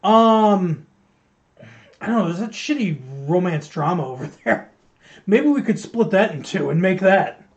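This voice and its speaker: A man co-hosts a podcast, reviewing a film through rambling, joking, casual chat and teasing his co-host. His voice sits high, animated yet unhurried, and the stream audio is muffled and lo-fi.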